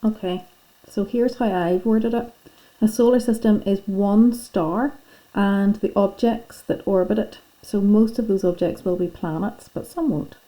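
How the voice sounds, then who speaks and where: A woman's voice: mid-range voice, measured pace, few pauses, dark tone, poor audio. A woman teacher, patiently and chattily talking pupils through filling in their lesson notes. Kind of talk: classroom lesson going through worksheet notes.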